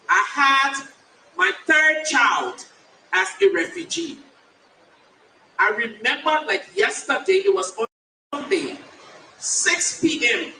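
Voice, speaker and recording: Slow, emphatic woman in an echoey hall. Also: high voice, pushed and bright, far from the mic, slight background noise. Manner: slow, emphatic storytelling with dramatic pauses. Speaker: keynote speaker. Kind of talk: personal testimony speech. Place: large conference hall.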